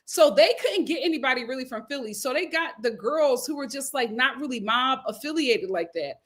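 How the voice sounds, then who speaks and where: Young woman host, high pitch, animated livestream chatter, laughs a lot, loud then hushed. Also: fairly quick. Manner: animated, laughs often, swings from loud to murmured asides. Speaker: live recap show host. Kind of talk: casual live-stream chat reading comments.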